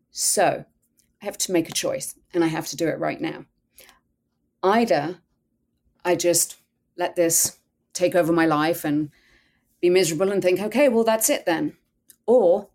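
A woman's voice: on the low side, a little mellow. A woman guest telling a personal story in a podcast interview, earnest and candid, often quoting her own thoughts.

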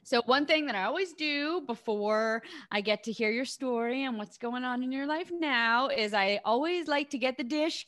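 A woman hosting a podcast, enthusiastic and quick with friendly reactions. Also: a little high, a bit bright. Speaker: podcast host. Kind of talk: casual interview chat.

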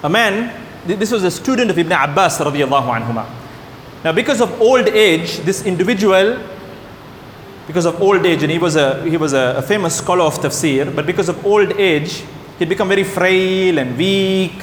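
A man preaching a sermon to his congregation, telling stories with lively delivery and acting out the people in them. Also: moderate pace. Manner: animated storytelling, voices the characters in anecdotes. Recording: echoey hall with faint rumble.

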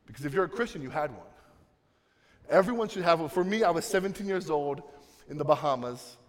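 A young man preaching a sermon, swinging from soft, low passages to loud, emphatic ones. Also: lively intonation, a little fast. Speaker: pastor. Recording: long reverb of a large hall.

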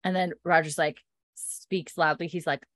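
A woman's voice: low-pitched, fairly even intonation, moderate pace, fairly bright tone, no echo, studio quality. A woman casually recapping a story as podcast host, chatty and full of fillers, laughing often.

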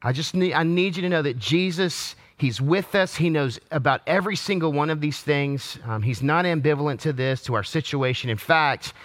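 A man's voice: on the high side, normal speed, few pauses, a bit bright. A male pastor giving an online Palm Sunday sermon in a conversational, joking way with frequent restarts. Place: empty church or studio.

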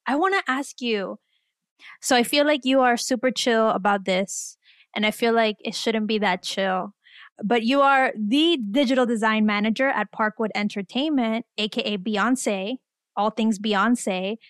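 A woman hosting a podcast interview in casual chat, enthusiastic and quick to gasp and laugh. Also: fairly high pitch, no echo, clean studio sound. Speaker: podcast host.

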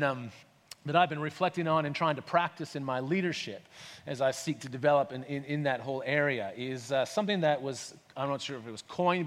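A man's voice: fairly high pitch, in a large hall. A man preaching a sermon as pastor, talking conversationally and asking his listeners rhetorical questions. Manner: conversational, asks rhetorical questions, acts out voices.

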